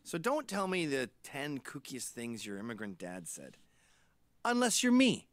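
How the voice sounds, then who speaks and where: A man's voice: medium pitch, measured pace, no echo. A man in his late forties, from Canada, telling irreverent comic stories in a podcast monologue. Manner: irreverent, animated storytelling. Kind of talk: comedic monologue.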